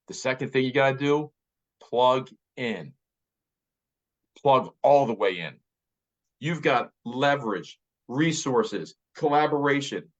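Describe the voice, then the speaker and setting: A man in his fifties giving an emphatic motivational talk as a real estate director, repeating key phrases. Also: mid-range voice. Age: 50s. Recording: slightly muffled audio.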